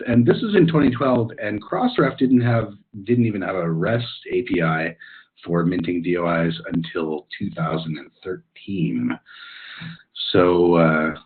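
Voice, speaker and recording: Low-voiced man on a tinny webinar line. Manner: informal, thinking aloud with frequent ums and uhs. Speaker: technical expert answering audience questions. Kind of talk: webinar Q&A explanation. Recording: tinny phone-like webinar audio.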